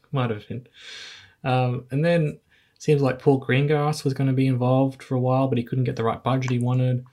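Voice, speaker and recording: A man hosts a casual film-review podcast at an ordinary mid pitch. He talks in an easygoing, slightly hesitant way, often pausing on fillers and chuckling. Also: little pitch movement, mellow. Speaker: podcast host.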